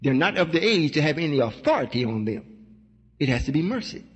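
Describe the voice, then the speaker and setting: Husky preaching man with hall reverb. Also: fairly high pitch, very animated, fairly quick, muffled recording. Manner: folksy preaching, acts out voices. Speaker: religious teacher. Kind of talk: sermon-style teaching with questions.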